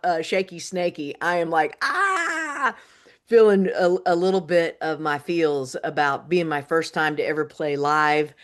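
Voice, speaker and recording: Middle-aged woman with a lowish voice for a live self-help stream, eager and rambling, backtracking mid-sentence. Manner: enthusiastic, rambling, self-correcting. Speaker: host of a live online self-help session. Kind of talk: casual live-stream talk.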